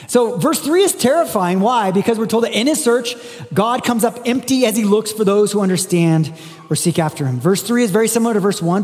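A man's voice: high-pitched, darkish tone, in a large hall. A man preaching a sermon in a conversational way, reading scripture aloud with emphasis. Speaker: pastor.

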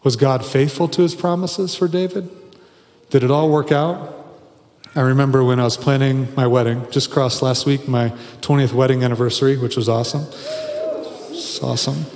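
A man's voice: mid-range voice, fairly even intonation, moderate pace, darkish tone. A man in his forties preaching a sermon, earnest and building to emphatic, repeated phrases. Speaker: pastor. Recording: long reverb of a large hall.

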